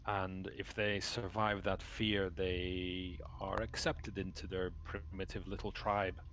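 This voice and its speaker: A man voicing a quiet, sad temple keeper. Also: low-pitched, level tone, takes it slowly, a little hiss or hum, exaggerated voice. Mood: solemn. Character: solemn male temple keeper, aloof and sad.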